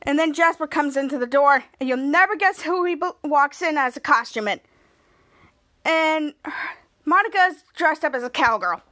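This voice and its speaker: A woman hosts a casual recap podcast, and her voice sits high and sounds bright and sharp. She retells the scenes with excitement and breaks into laughs along the way. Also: moderate pace. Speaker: podcast host.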